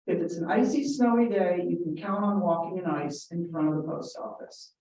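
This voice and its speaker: A woman's voice: on the low side, moderate pace, warm tone, slight background noise. A woman giving a public comment at a town meeting, earnest and rambling, with frequent ums and quoted anecdotes. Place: large council chamber. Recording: echoey meeting room from far off.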